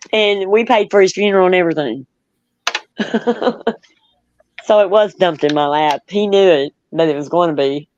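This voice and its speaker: A woman's voice: on the low side, a little mellow, dry recording. A middle-aged woman hosting a casual chat, reminiscing in a rambling way, laughing often, and reading out viewer comments. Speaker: host. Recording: dull, lo-fi.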